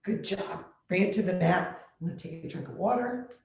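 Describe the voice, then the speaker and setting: A woman yoga instructor guiding a chair yoga class with calm, step-by-step instructions, clearing her throat now and then. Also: lowish voice, fairly quick. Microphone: computer mic. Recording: very echoey room on a computer mic.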